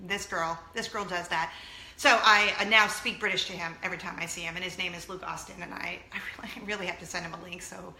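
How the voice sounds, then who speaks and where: A woman's voice: lowish voice, steady tone, fast, creaky, sharp tone, echoey room, a little hiss or hum. A woman in her thirties hosting a chatty vlog, gushing and talking straight to her viewers. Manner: bubbly, gushing, talks to viewers directly. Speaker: vlog host.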